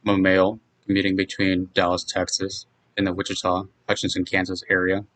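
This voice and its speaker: A man in his twenties reading his own personal account in a measured, reflective way. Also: deep voice, completely flat delivery, fairly bright tone, rough recording. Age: 20s. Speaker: guest narrator telling his own story.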